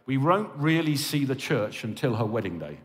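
An English pastor preaches in a reverberant hall, pleading and impassioned, often checking in with listeners by asking "okay?" His mid-range voice swings widely in pitch at a normal speed.

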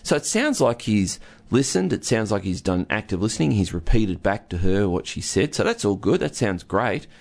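A man's voice: lowish voice, very animated, moderate pace, gravelly, few pauses. A man who counsels couples, explaining listening through an everyday story, acting out both partners as he goes. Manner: storytelling, acts out husband and wife. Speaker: relationship counsellor. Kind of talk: casual teaching talk with a co-host.

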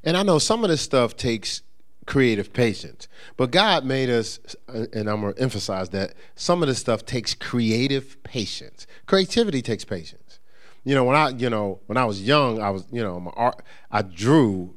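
A man pastor preaching a sermon, acting out quoted voices and slipping into a quiet storytelling tone for a personal story. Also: smooth. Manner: animated preaching with rising emphasis and quoted voices; drops into a low, soft storytelling voice.

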